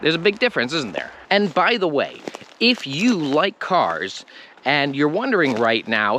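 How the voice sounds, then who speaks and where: An American man teaching English pronunciation to camera, explaining slowly and stretching out the sounds he demonstrates. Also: fairly high pitch, wildly swooping pitch, pushed and bright, a little hiss or hum. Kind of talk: online language lesson.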